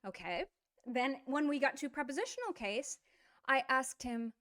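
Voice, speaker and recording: Middle-aged lady teacher, bit high voice, playful chatty explaining, jokes to herself. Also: dry recording, studio quality. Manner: playful, animated explaining with quick asides. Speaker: language teacher. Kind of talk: online language lesson.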